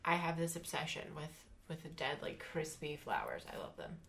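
A woman's voice: sits low, moderate pace, creaky. A young woman, co-hosting a chatty podcast and telling stories animatedly. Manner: animated storyteller, swearing, acting out voices. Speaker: podcast co-host. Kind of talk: casual chat.

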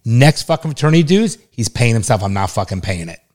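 A man's voice: mid-range voice, big pitch swings, quick pace, a little mellow. Blunt, heavily profane middle-aged man. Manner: emphatic, heavily profane, insistent. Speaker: father and co-host. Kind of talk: casual family podcast chat.

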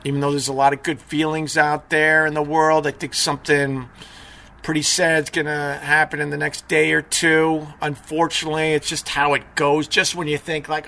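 Brief: middle-aged male streamer, allergy-stuffy, blunt rambling rant, slightly high, bright tone. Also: little pitch movement, moderate pace, vocal fry, a little hiss or hum. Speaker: live stream host. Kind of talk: casual live stream rant.

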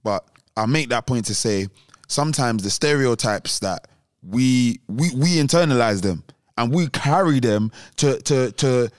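A man's voice: medium pitch, animated, unhurried, no echo, studio quality. A young man, telling a story on a casual podcast and acting out other people's voices. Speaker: podcast co-host.

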